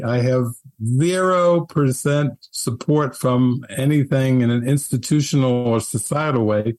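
A middle-aged man speaks gently and articulately as a spiritual teacher telling his story in an interview. His voice sits at an ordinary middle pitch. The recording is dry and close, with no room sound. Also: no echo.

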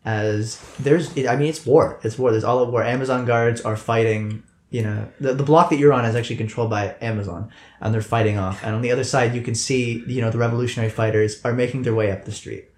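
A man's voice: mid-range voice, steady tone, fast talker. A man acting as game master, narrating a tabletop game in a rambling way. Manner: rambling, restarting descriptions. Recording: echoey room with faint noise.

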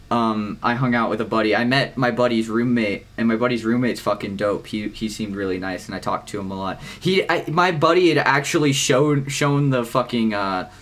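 A teenage boy co-hosting a podcast, rambling through his week in casual chat, swearing often and filling pauses with "um" and "like.". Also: mid-range voice, fairly bright tone. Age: teens. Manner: rambling, swears a lot, many fillers. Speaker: podcast co-host.

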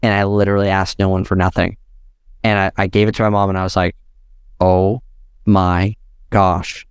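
Lively storytelling man, smooth low voice. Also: no room sound, clean studio sound. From United States. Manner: animated, fast-talking, heavy use of "like" and "literally". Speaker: podcast guest. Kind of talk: storytelling in a podcast interview.

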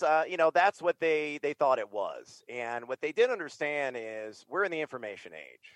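A man's voice: fairly high pitch, animated, moderate pace, hardly any pauses, fairly bright tone, no echo. A middle-aged man from the United States, a fantasy sports broadcaster and writer, talking in a casual interview with energy, emphasis and many fillers.

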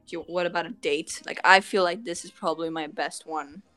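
A woman co-hosting a casual podcast, giggly, self-deprecating and quick to react. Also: lowish voice, steady tone, sharp tone, soft background music. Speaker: podcast co-host.

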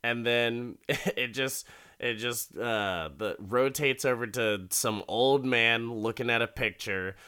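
A man recapping a TV episode in loose, rambling casual chat, swearing and laughing as he goes. His voice is bright and forceful with a smooth, clear tone, set a little low in pitch.

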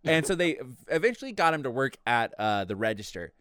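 A man's voice: mid-range voice, brisk, no echo, clean studio sound. A young man telling a work story in casual chat, swearing freely and acting out what others said. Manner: animated, profane, acts out quotes.

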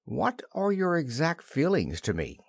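A man's voice: mid-range voice, sing-song, measured pace, no echo, clean studio sound, pitched above the performer's own voice. A man voicing a prim, motherly young girl who talks in a earnest, lightly scolding way.

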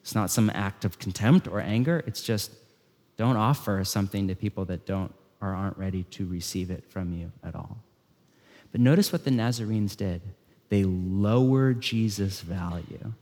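A man preaching a sermon in a conversational style, swinging between loud emphasis and hushed lines. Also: lowish voice, lively intonation, moderate pace. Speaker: pastor. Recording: long hall reverb.

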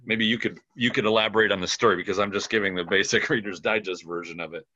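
A man's voice: lowish voice, steady tone, fast talker, bright, forceful tone, highs cut off. A man hosting a casual chat, wry and self-deprecating.

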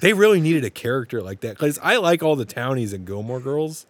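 A man's voice: mid-range voice, sing-song, fairly quick. A man co-hosting a casual podcast chat, laughing often, swearing freely and slipping into silly voices. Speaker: podcast co-host.

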